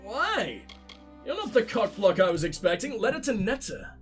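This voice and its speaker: A high-pitched man with a stuffy nose narrates his gameplay in a sweary, sarcastic and excitable way. Faint game music runs under his voice. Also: normal speed. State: sick, stuffy-nosed. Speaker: let's play host. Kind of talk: gameplay commentary.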